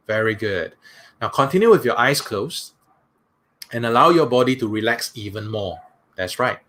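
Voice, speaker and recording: A man's voice: medium pitch, fairly bright tone. Soothing man. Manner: slow soothing guidance, repeating "that's right" often. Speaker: workshop speaker. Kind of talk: guided breathing exercise and seminar talk.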